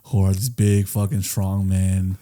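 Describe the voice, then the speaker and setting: A man's voice: low voice, level tone, a little slow, mellow. A man co-hosting a podcast in casual chat, teasing and laughing and swearing freely. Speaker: podcast co-host.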